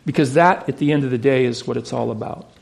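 A pastor preaching a sermon, earnest and emphatic at times, then hushed and reverent. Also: male voice, medium pitch, fast, creaky. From United States. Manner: earnest, rising to emphatic, dropping to hushed awe.

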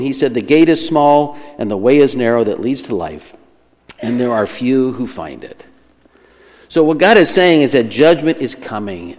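A man's voice: medium pitch, long reverb tail. A male pastor preaching an earnest, emphatic sermon, now and then correcting himself as he teaches.

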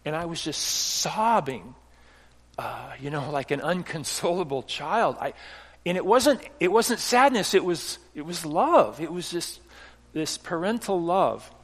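Earnest preacher in a reverberant hall. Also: male voice, a little high. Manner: earnest storytelling with restarts, swinging from hushed to emphatic. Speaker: pastor. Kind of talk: sermon.

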